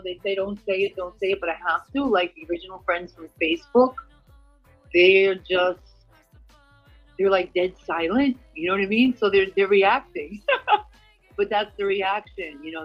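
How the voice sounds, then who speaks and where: A woman's voice: sits low, breathy edge. A woman guest, a reggae singer, chatting casually in an interview and rambling with frequent "you know" fillers. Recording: dull lo-fi audio.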